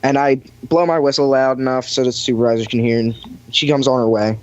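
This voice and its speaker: A man's voice: medium pitch, fairly even intonation, a little fast, no echo. Young man rambling through a story, dry lo-fi sound. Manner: rambling storyteller with many fillers, acts out quoted voices. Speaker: podcast guest recounting lifeguard job. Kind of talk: casual chat.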